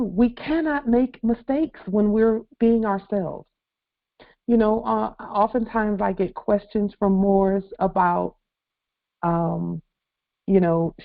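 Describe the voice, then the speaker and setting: A woman leading a weekly conference-call assembly, speaking earnestly and repeating key phrases for emphasis. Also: medium pitch. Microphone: phone. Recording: tinny conference phone line.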